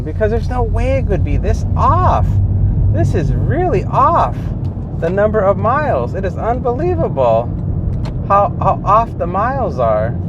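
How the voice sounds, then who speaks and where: A man's voice: a little high, dull audio. Exasperated man talking while driving. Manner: exasperated, rambling, restarts sentences often. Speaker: delivery driver vlogger. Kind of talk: casual in-car commentary while driving. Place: inside a car while driving. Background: faint car and road noise.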